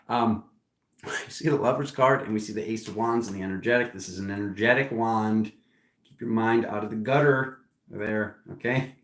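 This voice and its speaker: A man giving a casual, animated tarot reading, teasing and talking to himself as he turns the cards. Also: medium pitch, echoey room. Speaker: tarot reader.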